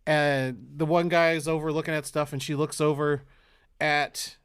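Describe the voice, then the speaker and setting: A man's voice: fairly high pitch, little pitch movement, normal speed, a bit bright, clean tone, no room sound, studio quality. A man co-hosting a podcast, recapping a movie in a rambling, profane way, with silly quoted voices. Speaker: podcast co-host. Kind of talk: casual chat.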